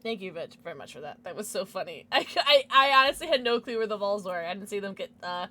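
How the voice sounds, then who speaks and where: A young woman streaming a game to her chat, giggling a lot and shrieking with excitement. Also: mid-range voice, quick pace, a little hiss or hum. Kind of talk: livestream game commentary.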